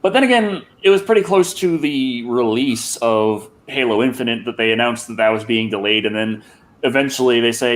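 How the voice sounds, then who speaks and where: A man hosting a casual online chat show over a video call, rambling and halting, with many restarts and repeated words. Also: medium pitch. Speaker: show host.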